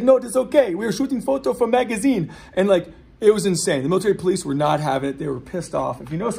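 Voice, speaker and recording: A man's voice: fairly high pitch, gravelly, darkish tone. A man in his forties, a skateboarder and skate shop owner, telling rambling, profane stories in a casual way. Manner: rapid, profane, rambling anecdotes with many asides. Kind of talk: casual storytelling.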